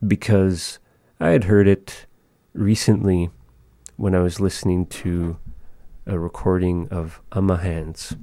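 Man, low dark voice, unhurried language teacher, dry close sound. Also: dry recording. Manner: slow, measured, pausing often. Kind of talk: language lesson, thinking aloud.

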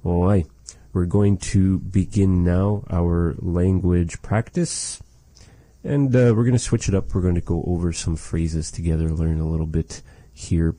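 A man leads a language lesson in an unhurried, methodical way, repeating each phrase and then explaining it. His voice is low and very dark, and the recording is dry and close. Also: steady tone, no room sound. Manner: repeats phrases slowly and explains them carefully. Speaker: language teacher. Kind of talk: slow, patient language lesson.

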